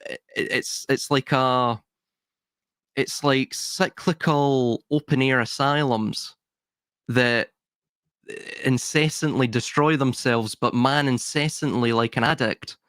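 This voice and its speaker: A man talking as a guest on a live discussion show, stringing together rhetorical questions and checking in with "right?" as he goes. His voice sits at a middling pitch. The sound is dry and close, with no room around it. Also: fairly even intonation, slow pace, fairly bright tone, no echo. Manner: philosophical, tosses out rhetorical questions. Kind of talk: casual podcast discussion.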